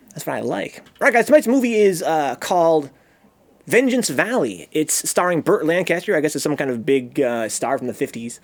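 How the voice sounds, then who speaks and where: A young man hosting a casual stream, excitable and jokey, swearing freely as he chats to viewers at his computer. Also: a little high, normal speed. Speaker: streamer hosting a movie-watching show. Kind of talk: casual livestream chat.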